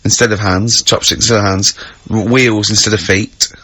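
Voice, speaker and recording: A man's voice: lowish voice, fairly even intonation, moderate pace, pushed and bright. A man hosting a comedy radio chat show, laughing often and spinning silly hypotheticals in a radio studio. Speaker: radio host.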